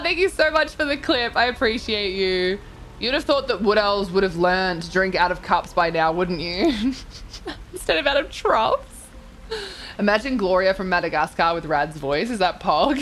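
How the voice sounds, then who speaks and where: A woman's voice: a little high, expressive, normal speed, a bit bright, slight background noise. A young woman streaming a game, chatting casually, reading chat aloud and reacting with gasps and swearing. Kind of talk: casual live-stream chat while touring game houses.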